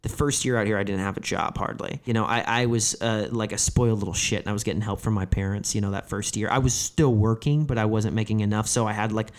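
A man with a fairly low, steady voice talks fast with few pauses, a comedian guest in his thirties. He tells candid stories in a rambling, profane style, constantly dropping in "like."

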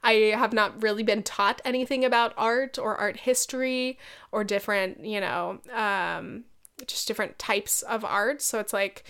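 A woman's voice: medium pitch, fairly even intonation, a little slow, fairly bright tone, clean tone. A young woman hosting a solo podcast, chatting casually with lots of fillers, swearing and laughing often. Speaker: podcast host.

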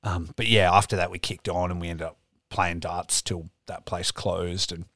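A man's voice: deep voice, flat delivery, moderate pace, a bit bright, dry recording, clean studio sound. Profane man telling a rambling story. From Australia. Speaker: podcast co-host. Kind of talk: casual podcast chat.

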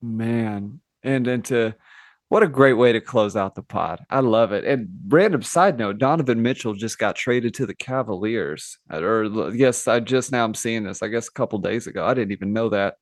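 A man's voice: on the low side, moderate pace, no echo, clean studio sound. A man hosting a podcast in casual chat, easygoing and upbeat as he wraps up and thanks listeners. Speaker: podcast host.

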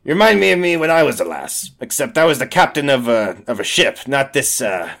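A man's voice: medium pitch, very animated, fairly quick, creaky, a bit bright. A man voicing a boisterous peg-legged female pirate diplomat who growls pirate talk.

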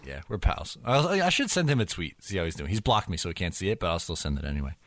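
A man's voice: deep voice, big pitch swings, fast talker, a bit bright, no echo. A man hosting a casual sports podcast, laid-back and joking as he moves the talk from topic to topic. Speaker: podcast host.

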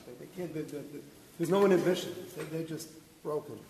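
High-voiced rabbi guy, earnest sermon, boomy hall echo. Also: fairly quick, a little mellow. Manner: earnest, explains with rhetorical questions and Hebrew quotes. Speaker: rabbi giving a Torah talk. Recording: echoey hall with faint noise.

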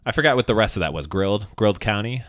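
A man's voice: on the low side, lively intonation, racing, a bit bright, dry recording. A man co-hosting a podcast in casual chat, explaining things with dry teasing humor. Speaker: podcast co-host.

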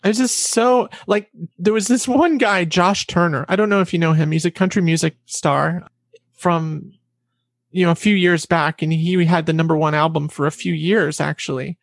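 A woman guest in a casual interview, telling quick anecdotes with a trained, deliberately raised voice and acting out what others said. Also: on the low side, fairly even intonation, no echo, studio quality. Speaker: interview guest, former announcer and vocal coach.

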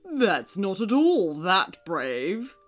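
Woman voicing a storybook crocodile, male, toothy, smug, menacing, drawling, slow. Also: mid-range voice, very animated, faint music behind. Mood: scornful.

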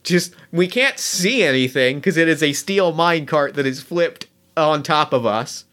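A man's voice: fairly high pitch, expressive, a little slow, a bit bright. A man playing a tabletop game, thinking aloud and restarting as he describes his moves. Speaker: player.

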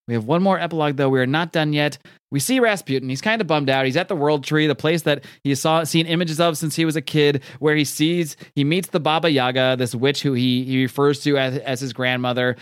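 A man's voice: medium pitch, a little fast, clean tone, dry recording, clean studio sound. A man recapping a comic book in casual chat, rambling with fillers and self-corrections.

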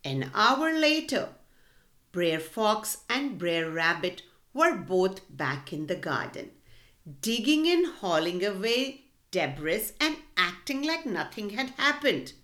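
A woman reading a folktale aloud to children, gentle and expressive, talking to them directly. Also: medium pitch, slow. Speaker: children's storyteller. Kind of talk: storybook read-aloud for children.

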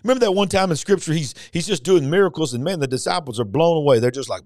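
A fervent preacher, his voice leaping from low, steady stretches into high, ringing swells. He drives his points with emphatic rhetorical questions in a dry, close recording. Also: fast talker, few pauses, no echo. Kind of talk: podcast sermon.

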